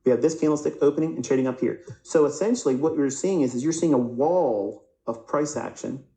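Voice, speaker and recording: A man's voice: fairly high pitch, a little fast, dark tone. Echoey-voiced man teaching chart trading. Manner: rhetorical questions, answering himself; repeats words, restarts mid-sentence. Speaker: trading instructor. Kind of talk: live market lecture over charts.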